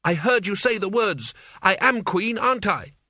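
An imperious young would-be queen, put on by a male narrator, cold and haughty with a snappish edge. The voice sits raised and bright, crisp and close with no room around it. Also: high-pitched, animated, moderate pace, no echo, voice pushed up, full character voice.

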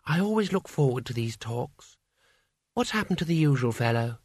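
A man's voice: mid-range voice, big pitch swings, moderate pace, husky, no echo, studio quality. A man voicing a small, cheerful old monk who speaks placidly and pleasantly in an audiobook reading.

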